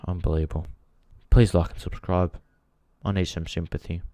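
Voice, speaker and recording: Ranting with frustration on a casual football live stream, this man swears without restraint and speaks directly to his audience. His voice is low, mellow, and steady in tone, at a moderate pace, recorded with no room sound.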